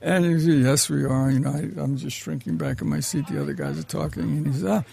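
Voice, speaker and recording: Gravelly-voiced man telling rambling anecdotes. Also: a little high, animated, fairly quick, dark tone. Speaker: film director. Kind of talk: reminiscing interview answer.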